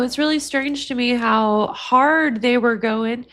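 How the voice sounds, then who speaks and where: A woman's voice: fairly high pitch, measured pace, fairly bright tone. A woman hosting a live stream, chatting casually and speaking straight to her viewers. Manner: chatty, addresses viewers directly.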